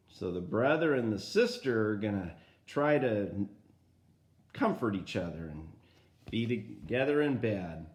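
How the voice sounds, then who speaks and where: An older man reading a children's storybook aloud in a gentle way, stopping to talk to young listeners. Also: medium pitch. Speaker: grandfather reading a picture book aloud.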